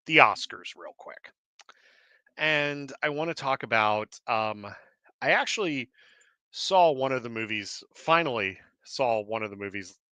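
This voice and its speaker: A man hosting a live show in casual chat, rambling and excitable with many fillers and restarts, a little out of breath. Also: mid-range voice, dry recording. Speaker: host. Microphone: desk mic with cord.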